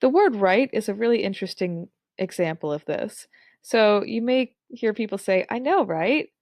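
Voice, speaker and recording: A woman in her thirties teaching an online speaking course, with clear, carefully articulated and expressive delivery. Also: mid-range voice, normal speed, no room sound. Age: 30s. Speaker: instructor.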